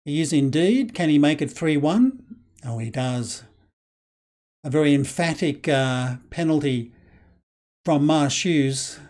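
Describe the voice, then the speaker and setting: Excitable Scottish man calling a game. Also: fairly high pitch, takes it slowly, pauses often. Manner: chatty, excitable play-by-play with frequent uh fillers. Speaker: game channel host. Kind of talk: casual match commentary over a football game.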